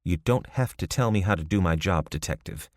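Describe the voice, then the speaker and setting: A man's voice: low-pitched, expressive, brisk, dry recording, clean studio sound. A man voicing a touchy, plodding overweight male desk officer in an audiobook, offhand and defensive. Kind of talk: audiobook character voice.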